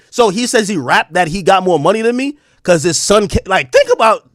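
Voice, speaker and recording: A man's voice: sits high, lively intonation, fairly quick, no room sound, studio quality. A man telling a long, profane story in a casual rant, rambling with many restarts and bursts of laughter. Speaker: streamer and commentator.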